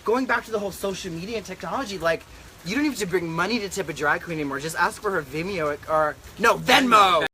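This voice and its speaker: A campy man hosting in drag, his voice pitched a bit high with a bright, sharp edge. He chats in a sassy, profane way into a handheld camera out on a humid deck, with a faint hum of outdoor ambience behind him. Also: very fast. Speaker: drag queen host. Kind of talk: casual chat. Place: outdoor back deck in humid rainy weather.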